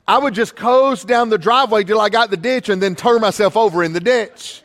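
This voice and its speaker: High-voiced pastor preaching a sermon. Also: male voice, fairly bright tone, big-room sound. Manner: storytelling, repeats words when starting a sentence; slows down and rises when reading scripture.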